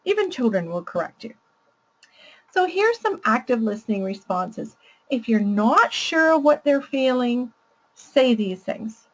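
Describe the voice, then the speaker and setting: Expressive woman teaching parenting skills. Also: on the high side, unhurried, muffled recording. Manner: warm, explanatory, laughs readily. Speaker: parenting educator. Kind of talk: teaching presentation.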